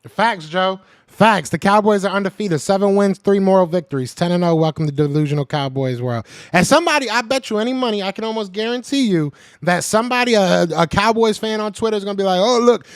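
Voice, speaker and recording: A man hosting a live podcast, reading the chat and trash-talking in a casual, animated way; he is a little sick. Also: sits high, no room sound, clean studio sound.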